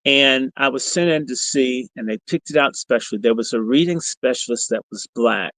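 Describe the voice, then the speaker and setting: This livestream storytelling monologue comes from a middle-aged podcast host, animated and combative, profane and provocative. His voice is mid-range at normal speed, and the recording is dry and poor.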